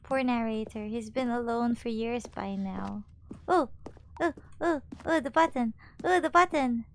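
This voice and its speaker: A woman's voice: on the high side, a little slow, a little hiss or hum. A woman streaming a game, chatting playfully in a childlike way and repeating phrases. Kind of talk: live game commentary.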